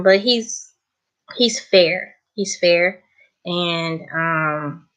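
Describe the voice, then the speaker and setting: In a relaxed chat to camera, a Southern vlogger laughs frequently and calls her audience honey. Her lowish voice has a slightly bright quality, and the recording's high frequencies are cut off.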